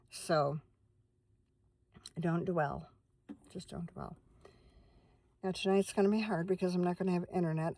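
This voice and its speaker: A woman's voice: lowish voice, gravelly, mellow, no echo. A woman chatting casually to camera from inside her van at night, rambling from one thing to the next. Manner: rambling, chatty, talks to her dog in between. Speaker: vlogger and minister.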